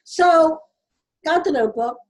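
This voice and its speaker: A woman casually telling a personal story in an earnest, halting way, often restarting her sentences. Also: high-pitched, rough recording. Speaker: vlogger.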